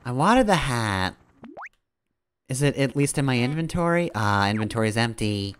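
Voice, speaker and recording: A man's voice: mid-range voice, big pitch swings, normal speed, a little hiss or hum. A man streaming a game, giving rambling, casual commentary, often correcting himself and chuckling.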